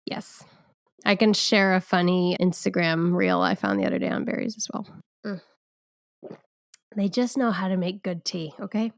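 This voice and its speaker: A woman's voice: on the low side, very animated, moderate pace, gravelly, no room sound, studio quality. A woman co-hosting a podcast in casual chat, gushing and playful as she talks with enthusiasm. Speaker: podcast co-host.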